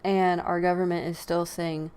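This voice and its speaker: With a fairly low, smooth voice at a moderate pace, this American podcast host offers casual, opinionated takes. She's animated, laughing often and sighing along the way.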